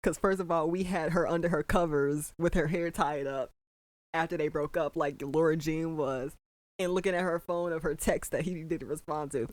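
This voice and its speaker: A reaction commentator at home at night, talking in animated, disbelieving exclamations while trying to keep the voice down. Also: mid-range voice, normal speed, no room sound. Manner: holding the voice down at night. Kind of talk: excited first-watch reaction commentary.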